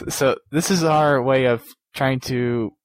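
A man's voice: mid-range voice, steady tone, takes it slowly, no echo, low-quality recording. A young man hosting a podcast, chatting in a rambling, giggly way and often restarting his sentences. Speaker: podcast host. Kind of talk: casual podcast chat.

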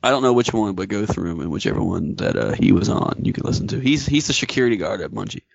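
A man's voice: lowish voice, very animated, quick pace, vocal fry, lo-fi sound. A man co-hosting a casual gaming podcast, joking and cutting into the others' lines. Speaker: podcast co-host. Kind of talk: casual chat.

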